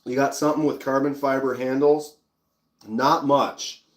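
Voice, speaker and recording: A man's voice: mid-range voice, unhurried, roomy sound. A man with a Minnesotan accent, hosting a casual live stream and chatting easily while showing pocket knives. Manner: relaxed, chatty, reads out viewer comments.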